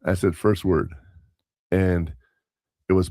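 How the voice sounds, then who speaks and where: Low gravelly male podcast co-host, rambling anecdotal storyteller, dry close sound, casual chat. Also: fairly even intonation, a little slow, long pauses, mellow, no room sound. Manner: rambling, anecdotal, with self-corrections and quoted dialogue. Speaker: podcast co-host and substitute teacher.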